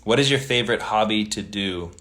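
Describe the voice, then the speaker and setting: A man hosting a casual livestream, reading viewer comments aloud and chatting back in a relaxed, friendly way. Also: lowish voice, brisk. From Italian family background.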